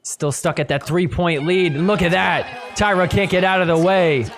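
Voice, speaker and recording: A man hosting a podcast, giving excitable play-by-play commentary over match footage and shouting at the big points. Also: high voice, moderate pace, slight background noise. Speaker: podcast host.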